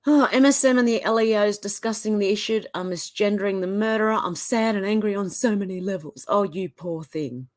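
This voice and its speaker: Aussie woman ranting thru posts, sarcastic, pitch jumps all over. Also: darkish tone. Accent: Australian. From Australia. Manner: indignant and sarcastic, quick swings in pitch. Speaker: commentary vlogger. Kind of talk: casual commentary reading posts aloud.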